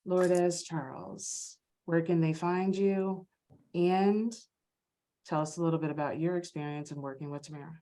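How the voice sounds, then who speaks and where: A woman hosting a virtual book talk on a video call, effusive and quick to laugh. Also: on the low side, fairly even intonation, dark tone. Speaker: host.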